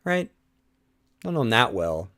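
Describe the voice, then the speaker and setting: A man's voice: medium pitch, big pitch swings, measured pace, bright, forceful tone. A man playing an old video game, reading its lines aloud and making wry jokes. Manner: joking, wry asides. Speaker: game let's player. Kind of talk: let's play commentary reading game text aloud. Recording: game music behind voice.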